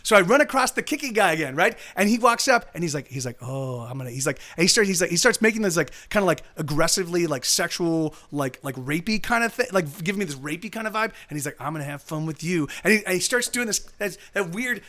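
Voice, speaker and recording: Telling a story in casual live-stream chat, this man rambles and curses while constantly correcting himself. His voice is high-pitched, bright, and forceful, expressive and fast with few pauses.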